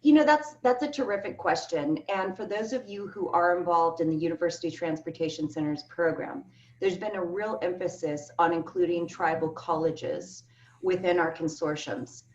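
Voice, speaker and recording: A woman's voice: on the low side, moderate pace. A woman speaking as a keynote speaker, answering panel questions earnestly and with emphasis over a video call. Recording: echoey, distant, dull video call audio.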